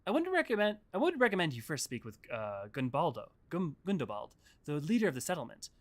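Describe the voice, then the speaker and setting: A man's voice: high voice, wildly swooping pitch, racing, pitched above the performer's own voice, heavily acted. A man voicing a polite, apologetic townsperson in a game, reading in his own everyday voice.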